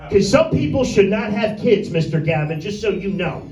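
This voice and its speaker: A man with a high voice doing a crude, rambling stand-up set and picking on people in the audience by name. He is recorded from a distance in an echoey little room. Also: animated, normal speed, noisy background. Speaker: stand-up comedian. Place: small room with a tiny audience.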